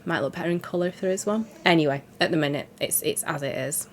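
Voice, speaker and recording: A woman talks casually into the camera, nasal and congested from a cold. Her chat wanders and pokes gentle fun at herself. A faint noise sits under her voice. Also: low-pitched, fast talker. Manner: chatty, rambling, self-deprecating. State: congested with a cold, sore throat. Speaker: cross-stitch vlogger.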